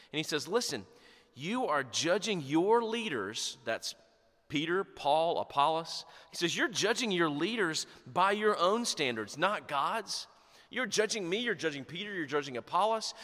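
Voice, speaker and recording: Animated preaching man in a reverberant hall. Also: a little high. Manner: animated, sarcastic preaching with acted quotes. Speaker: pastor. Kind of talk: sermon.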